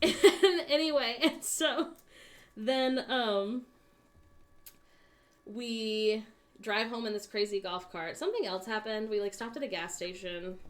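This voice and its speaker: Speaking slowly in a fairly high voice, a young woman from the US chats casually as co-host of a craft stream. She spins out a lengthy account of a dream, peppered with laughter and filler words.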